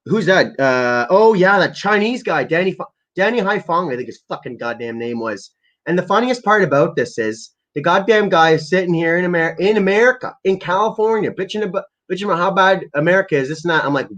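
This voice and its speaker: A man's voice: high voice, lively intonation, a little fast, fairly bright tone, muffled recording. A man from Canada ranting casually and profanely to his live chat as a stream host, rambling and heated. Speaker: livestream host.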